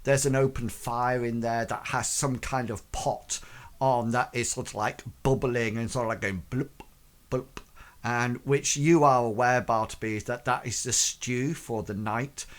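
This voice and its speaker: A man narrating a tabletop game as game master, in a hesitant way with many pauses and fillers. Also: medium pitch, steady tone.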